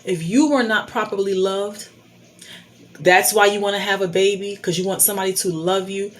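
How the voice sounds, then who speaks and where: A woman's voice: medium pitch, steady tone, normal speed. A middle-aged woman giving blunt life advice to a phone camera, emphatic and preachy, repeating her key points. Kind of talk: candid advice monologue.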